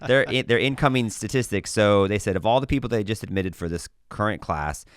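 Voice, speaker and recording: Low, smooth-voiced podcast co-host man. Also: fairly quick, no room sound. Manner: wry, explanatory, laughs at his own jokes. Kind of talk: political podcast talk.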